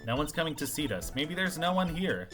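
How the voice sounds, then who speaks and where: A man's voice: fairly high pitch, sing-song, fairly quick, voice pushed up. A man doing a bubbly teen girl sidekick. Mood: playful. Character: cheerful teenage girl sidekick. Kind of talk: amateur game voice-over. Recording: game music behind.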